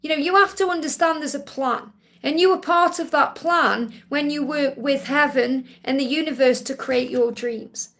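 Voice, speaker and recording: A woman with a high, light voice hosts a live-stream Q&A and gives spiritual readings to viewers. She is reassuring and comes back to the same points more than once. She calls each viewer honey. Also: moderate pace, a bit bright. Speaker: spiritual reader hosting a live Q&A.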